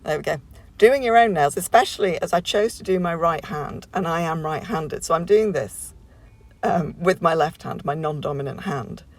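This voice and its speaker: A woman's voice: sits low, normal speed. A woman talking through a home nail tutorial as a casual voiceover, chatty and rambling, with plenty of fillers and restarts.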